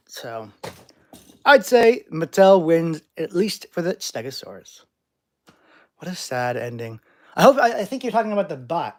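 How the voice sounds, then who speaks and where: Male streamer host, playful and jokey, very animated delivery. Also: high-pitched. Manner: playful, reacting to chat, jokey overreactions. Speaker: channel host. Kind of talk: live stream Q&A reading chat.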